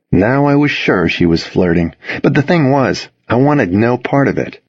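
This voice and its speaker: Low husky guy reading a novel out loud, lively pitch, dry muffled recording. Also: normal speed, few pauses, no room sound. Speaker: audiobook narrator. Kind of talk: first-person novel narration.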